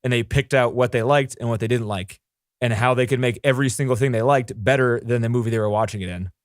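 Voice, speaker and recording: A man co-hosting a film podcast talks in a quick, lively rush of casual chat. He keeps breaking into mocking impressions of characters. His voice sits close to a dry, dead mic. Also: mid-range voice, dry recording. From Irish heritage. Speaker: podcast co-host.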